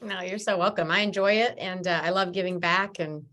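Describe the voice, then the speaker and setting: A woman guest in a conversational interview, telling lively stories and acting out what people said to her. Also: lowish voice, fairly quick. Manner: animated storyteller, acts out quoted dialogue. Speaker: guest, realtor and team leader.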